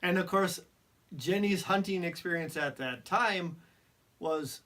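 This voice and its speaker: Brief: man, fifties, relaxed storyteller, self-deprecating, laughs a lot. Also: sits high, measured pace. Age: 50s. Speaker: podcast co-host. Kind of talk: casual storytelling.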